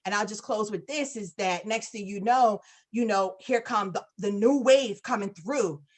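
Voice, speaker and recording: A woman talks over a video call in a casual, effusive way, piling on praise and quoting herself as she goes. Her voice sits at an ordinary middle pitch. She tells stories with lots of fillers and restarts. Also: moderate pace. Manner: effusive, animated storytelling with many fillers. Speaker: guest speaker on a business call.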